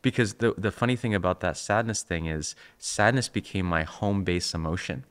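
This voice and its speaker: A man with a low voice hosts an interview conversation. He speaks in a reflective, candid way. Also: normal speed, smooth. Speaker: host.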